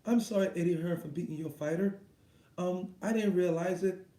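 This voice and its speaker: Man impersonating a sarcastic boxer, fake-sorry, higher-pitched, echoey room. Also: moderate pace, dark tone, natural voice. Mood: mock apologetic. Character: boxer mock-apologizing, sarcastic and sly.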